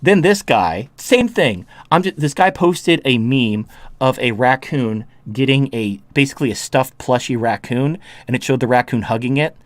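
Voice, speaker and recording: A man's voice: medium pitch, lively intonation, moderate pace, dry recording. A man hosting a podcast, ranting in a heated, profane, mocking way. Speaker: podcast host.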